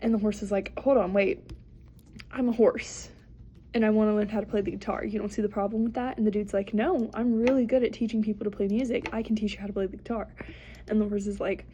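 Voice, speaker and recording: A woman's voice: mid-range voice, little pitch movement, fast, mellow, lo-fi sound, slight background noise. A young woman, a podcast co-host, telling a long rambling joke with lots of fillers and acting out the characters' lines in her own voice.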